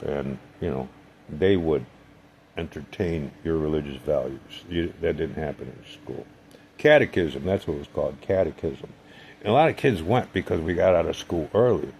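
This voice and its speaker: Low, gravelly man; rambling sardonic storyteller. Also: darkish tone, a little hiss or hum. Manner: rambling, digressive, sardonic humor. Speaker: vlogger. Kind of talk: casual storytelling monologue.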